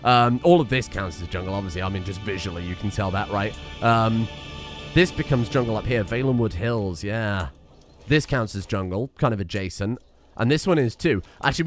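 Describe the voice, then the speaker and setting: A man talks through a strategy game in a loose, thinking-aloud way, throwing in dry little asides. His pitch rises and falls a lot, and his voice sits in a middle register. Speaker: let's play streamer. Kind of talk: casual gameplay commentary.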